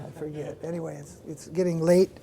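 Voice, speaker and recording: A man's voice: on the high side, flat delivery, brisk, mellow, slight background noise. A man, a swami, giving a devotional class, retelling a story in a loose, conversational way with restarts and asides to his listeners. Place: lecture room with listeners.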